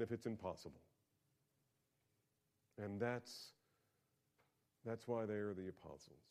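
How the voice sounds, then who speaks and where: Lower-voiced male pastor preaching a sermon. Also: measured pace, vocal fry, long pauses. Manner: conversational, with big swings from quiet asides to loud emphatic peaks.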